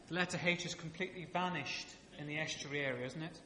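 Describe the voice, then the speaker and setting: A man preaching in a church, keeping it conversational with rhetorical questions and light humour. His voice is bright and slightly high. It rings with a long church reverb over a faint hum of room noise. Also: brisk, few pauses. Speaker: pastor. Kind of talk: sermon. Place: church sanctuary. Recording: echoey church hall reverb.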